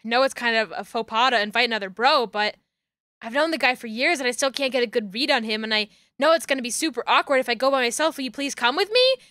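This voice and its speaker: A woman's voice: on the high side, fast talker, pushed and bright, no room sound, studio quality. A woman reading the lines of an easygoing dad in a dating game, asking a friend for a favor. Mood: pleading. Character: laid-back bro dad, easygoing.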